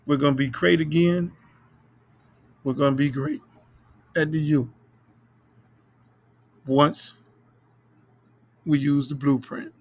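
A middle-aged man hosting a podcast, telling profane stories in a loose, animated way. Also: mid-range voice. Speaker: podcast host. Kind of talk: casual storytelling monologue.

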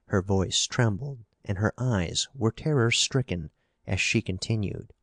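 Male narrator, lowish voice, measured audiobook reading, dry booth sound. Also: no room sound. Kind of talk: scripted narration of a pulp novel.

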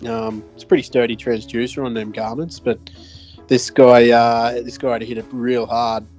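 A man with an Australian accent spins a loose, animated fishing yarn on a podcast. His voice sits in a middle pitch, and he talks in a rambling way with plenty of fillers, restarts and casual swearing. Soft music plays faintly underneath. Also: normal speed. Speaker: podcast co-host. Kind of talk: casual chat, telling a fishing story.

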